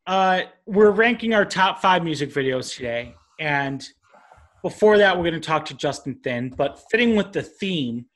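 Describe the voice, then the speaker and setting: Dude hosting a podcast, rambly, lots of you-knows, bright sound. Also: male voice, on the high side, lively intonation, normal speed. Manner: loose, rambling, filler-heavy. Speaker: podcast host. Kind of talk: casual chat.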